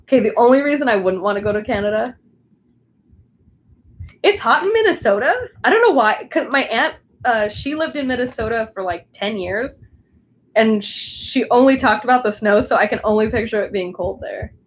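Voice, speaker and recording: A woman's voice: a little high, animated, moderate pace, slight background noise, poor audio. A young woman with a Southern Californian accent, chatting casually with a live stream audience while she crafts at home, rambling and full of restarts. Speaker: crafting livestreamer.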